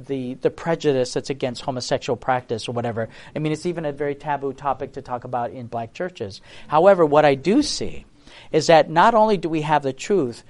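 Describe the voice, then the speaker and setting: A man's voice: fairly high pitch, darkish tone. A man preaching a personal testimony in an earnest, emphatic way, putting rhetorical questions to his listeners. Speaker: Christian speaker giving testimony.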